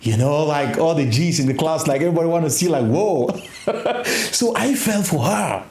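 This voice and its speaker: Animated laughing man telling a story. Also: fairly high pitch, fairly quick, echoey room, slight background noise. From grew up in a village, West Africa. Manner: laughs often, excited and animated. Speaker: channel host telling a personal story. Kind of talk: casual storytelling vlog.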